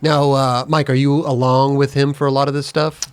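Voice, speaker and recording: A podcast host asking guests short prompting questions. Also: male voice, medium pitch, little pitch movement, fairly quick, clean tone, no echo. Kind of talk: casual interview.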